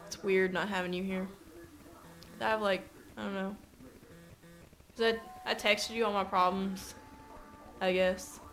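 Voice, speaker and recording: A woman's voice: medium pitch, flat delivery, measured pace, long pauses, a bit bright, a little hiss or hum, poor audio. A young woman at home, casually ranting and rambling to a webcam with lots of fillers, swearing and dramatic asides. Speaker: vlogger. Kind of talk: casual ranting vlog to a friend.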